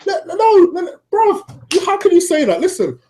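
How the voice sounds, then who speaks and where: A man's voice: very high voice, very animated, normal speed, warm tone. A young man arguing his side of a football debate in an earnest way, often breaking in with "listen". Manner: earnest, interjects with "listen", laughs easily. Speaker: co-host.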